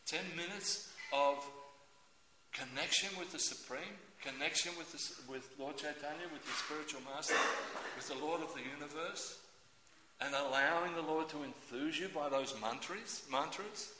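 A man preaching a sermon in a lively, theatrical way, acting out everyday scenes with voices. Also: on the high side, normal speed, very noisy. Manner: animated, acts out scenes with voices. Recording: echoey hall.

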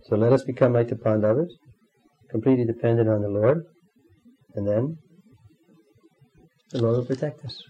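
A man teaching a devotional class in a halting way, pausing often and clearing his throat. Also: medium pitch, warm tone, muffled recording. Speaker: spiritual teacher.

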